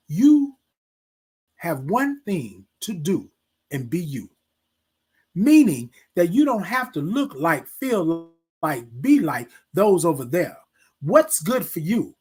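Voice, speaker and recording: A man's voice: high voice, a bit bright, husky. A man hosting a live morning stream, giving motivational talk straight to his viewers and repeating his key points. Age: adult, military veteran. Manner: preachy, repeats key phrases, talks to viewers directly. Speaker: host of a live morning show.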